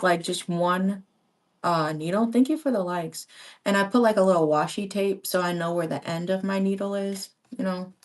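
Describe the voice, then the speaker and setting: A woman's voice: mid-range voice, recorded from a distance. Chatty woman crafting, a bit off-mic. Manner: rambling, chatty, slangy asides to viewers. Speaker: crafting vlogger. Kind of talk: casual live-stream chat while crafting. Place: home, by a window. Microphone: small handheld pink microphone.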